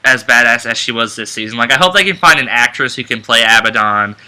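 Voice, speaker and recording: A man co-hosting a fan chat in a very bright, edgy voice. He rambles with enthusiasm and keeps restarting his sentences as he hunts for words. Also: medium pitch, quick pace, smooth, low-quality recording. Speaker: co-host.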